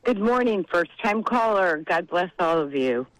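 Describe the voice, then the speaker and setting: A woman's voice: on the low side, animated, measured pace, no echo. Woman calling into the radio, teary and heartfelt, kinda rambly, dry close phone line. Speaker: caller. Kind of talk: emotional call-in testimony.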